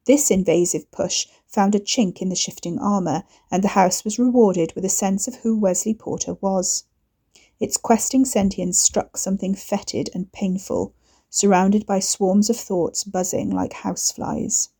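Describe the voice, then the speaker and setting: Woman narrating a novel, calm measured reading, soft dark tone. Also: mid-range voice, husky. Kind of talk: audiobook narration.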